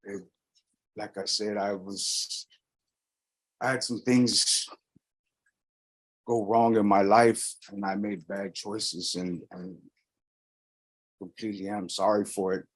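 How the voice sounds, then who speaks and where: A man speaking as a defendant in a courtroom, talking quietly and hesitantly, almost whispering, with repeated restarts. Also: lowish voice, level tone, takes it slowly, long pauses, low-quality recording. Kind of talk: courtroom statement of remorse.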